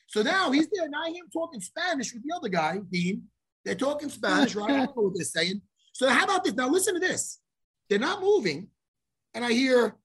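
A man's voice: very high-pitched, expressive, fairly quick, a bit bright, breathy edge. A man telling a story on a podcast in a loose, profane way, acting out every exchange. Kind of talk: casual storytelling.

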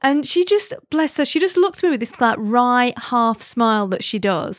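A woman hosting a podcast, chatting casually and telling stories in an animated way. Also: a little high, moderate pace, hardly any pauses, dry recording, studio quality. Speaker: podcast host.

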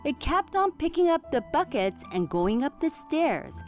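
A woman reading a children's storybook aloud in an expressive, clearly enunciated way. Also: high voice, measured pace, faint music behind. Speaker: storybook reader.

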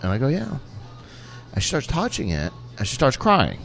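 A man's voice: mid-range voice, huge pitch swings, quick pace, fairly bright tone, soft background music. A man in his forties, a restaurant owner being interviewed, telling stories in an easygoing, rambling way and often restarting his sentences. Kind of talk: casual storytelling interview.

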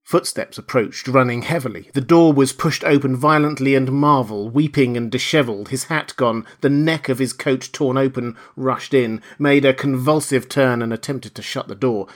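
A man reads a classic novel aloud as an audiobook. His delivery is measured and expressive, with a mid-range voice. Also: mid-range voice. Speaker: reader. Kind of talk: audiobook narration.

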